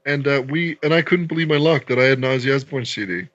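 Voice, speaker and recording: A man's voice: mid-range voice, quick pace, fairly bright tone, no echo. Man chatting on a dull line. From Newfoundland, Canada. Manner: chatty, explains accents knowingly, teasing. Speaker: podcast guest. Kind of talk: casual chat.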